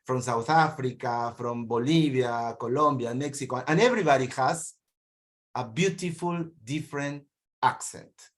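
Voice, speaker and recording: A man's voice: mid-range voice, unhurried. A man from northern Peru with a Peruvian accent, a teacher hosting an online meeting over a video call, friendly and rambling, often repeating words. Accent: Peruvian (Piura). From Piura, northern Peru. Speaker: meeting host and university teacher.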